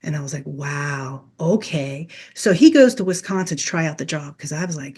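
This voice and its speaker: A woman's voice: fairly low pitch, very animated, brisk, slightly rough. A middle-aged woman, a Reiki teacher as guest on a podcast, earnestly telling a personal story and acting out past conversations as dialogue.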